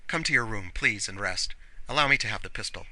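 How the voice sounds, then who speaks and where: A man's voice: fairly low pitch, animated, fairly quick, sharp tone, dry recording, full character voice, low-quality recording. A man voicing a timid male house servant politely pleading in an audiobook.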